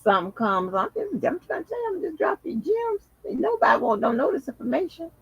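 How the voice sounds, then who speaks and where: A man's voice: extremely high pitch, sing-song, brisk, creaky, fairly bright tone, no echo, muffled recording. A man hosting his own channel, talking casually and with lots of exclamations, chatting straight to his viewers and swearing freely. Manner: chatty, profane, exclamatory, addresses viewers as y'all. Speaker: channel host. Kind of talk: casual vlog commentary.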